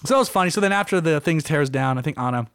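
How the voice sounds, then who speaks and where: A man's voice: fairly high pitch, expressive, racing, a bit bright, clear, resonant tone, no echo, studio quality. A young man telling a story in casual chat, rambling and self-deprecating, acting out quotes in a raised voice.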